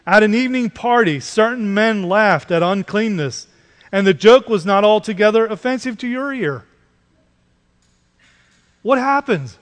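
A man's voice: sits high, fairly bright tone. A man preaching a Sunday morning sermon as pastor, building to emphatic repeated questions. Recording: long reverb of a large hall.

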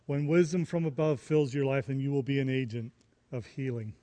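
A man's voice: mid-range voice, fairly even intonation, fairly quick, warm tone, big-room sound. A man preaching a sermon, repeating key phrases and rising into emphatic questions. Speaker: pastor.

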